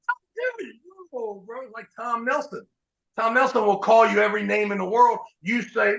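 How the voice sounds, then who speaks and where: A man hosting a podcast, telling profane, animated stories in casual chat. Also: very high-pitched, normal speed, vocal fry, roomy sound, poor audio. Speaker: podcast host.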